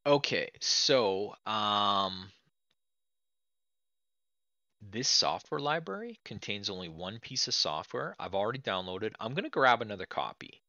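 A man hosting a let's play, chatting to viewers in a chatty, excitable way as he plays an old computer game. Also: lowish voice, normal speed, few pauses, dry recording, lo-fi sound. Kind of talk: casual game commentary.

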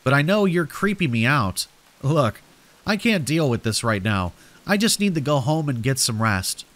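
A worn-out park worker from a horror story, played by a man. He answers curtly and defensively, plainly exasperated. The voice sits at a middle male pitch. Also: very animated, moderate pace, a bit bright. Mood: irritated. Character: irritated, weary adult male park worker.

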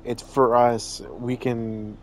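A man joining a casual movie chat as a guest, talking in quick bursts and swearing casually. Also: medium pitch, level tone, a little hiss or hum.

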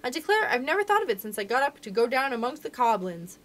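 A woman voicing an honest, brave young miner boy in a storybook reading, dropping her voice lower and speaking steadily. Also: sing-song, fast, a little hiss or hum. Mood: earnest.

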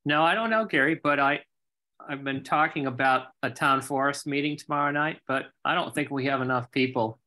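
A man at a town meeting talks in a relaxed, slightly halting way. His voice has a bright, forward edge at a middle pitch. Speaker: meeting participant. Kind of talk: casual meeting talk.

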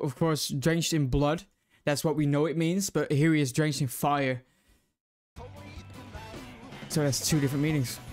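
Excitable young man reacting over music. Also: a little high. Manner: excited, swears freely, hushed when moved. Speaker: anime reaction youtuber. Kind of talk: casual reaction commentary. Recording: faint music playing behind. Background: anime music playing.

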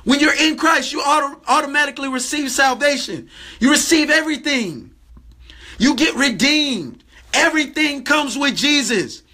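A man delivers a livestream sermon in a fervent, repeating preacher's cadence. His voice sits very high for a man and rings bright and forceful. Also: animated, normal speed.

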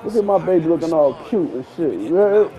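A man streaming a football video game, trash-talking loudly and boastfully with plenty of profanity. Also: fairly high pitch, animated, fairly quick, low-quality recording. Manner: boastful, profane, loud, laughs a lot. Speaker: gaming streamer. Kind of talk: loud trash-talking gameplay commentary.

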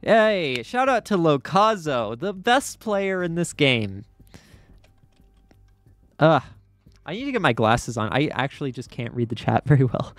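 A man giving excitable gameplay commentary as a YouTuber, yelping and laughing often as things happen. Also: medium pitch, no echo. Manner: excitable, quick to yelp and laugh. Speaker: gaming YouTuber.

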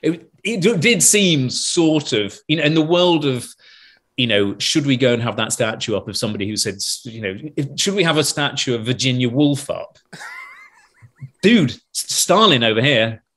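English guy on a podcast, slightly raspy voice, rambling yarn full of restarts. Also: medium pitch, animated, moderate pace, fairly bright tone. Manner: rambling storyteller with frequent self-corrections and laughs. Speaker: podcast guest. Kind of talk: casual anecdote telling.

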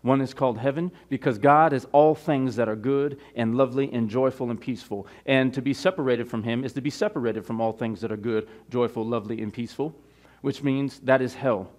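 A male pastor preaching a sermon, opening with a quiet prayer and then building to emphatic, drawn-out declarations. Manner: preaching with rising emphasis, stretching key words; opens in a quiet, low prayer.

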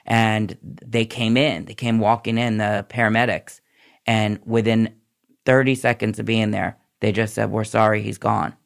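A man's voice: on the low side, flat delivery, measured pace, creaky, clear, resonant tone. A man recounting his past in a candid, tumbling way as a podcast guest. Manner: candid, tumbling run-on storytelling. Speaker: podcast guest, former nurse. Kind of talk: personal recovery story in a podcast interview.

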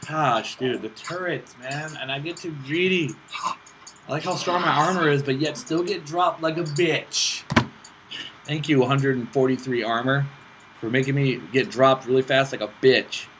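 A man's voice: mid-range voice, fairly even intonation, normal speed. A man giving casual gameplay commentary as host of his gaming channel, frustrated and cursing at the game. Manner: frustrated, swearing and muttering at the game. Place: hot room at home. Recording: noisy home recording with clicks.

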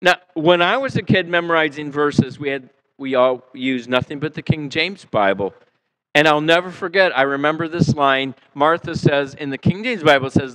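Male pastor, slightly high voice, lively church sermon, loud-soft swings. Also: normal speed, smooth, poor audio. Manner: animated preaching, acting out quotes, swinging between loud and soft. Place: church sanctuary.

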